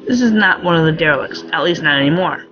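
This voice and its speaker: A woman in her forties reading aloud the lines of a formal station computer guiding a robot, in a measured, instructive way. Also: deep voice, lively intonation, lo-fi sound, background noise. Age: 40s. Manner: reads game text aloud, measured and instructive. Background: loud game music.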